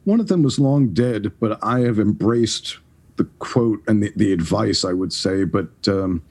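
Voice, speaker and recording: A man in his forties, a podcast guest, telling career stories in a casual, animated way, often restarting his sentences. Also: fairly low pitch, a little slow, husky. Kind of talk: casual storytelling.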